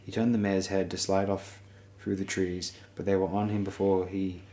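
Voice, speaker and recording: Deep-voiced male audiobook narrator. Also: flat delivery, normal speed, mellow. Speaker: audiobook reader.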